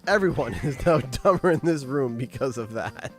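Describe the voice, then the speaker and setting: A man casually chatting and joking on a game livestream, animated and full of mock outrage. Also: medium pitch, normal speed, faint music behind. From Canada. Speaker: streamer. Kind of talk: casual livestream chat while gaming.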